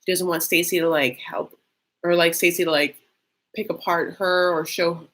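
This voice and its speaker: A woman's voice: on the low side, steady tone, moderate pace, fairly bright tone. Chatty, catty woman reacting live. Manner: chatty and catty, reads viewer comments aloud, heavy use of "like". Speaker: host of a live reaction stream. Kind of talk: casual live reaction chat.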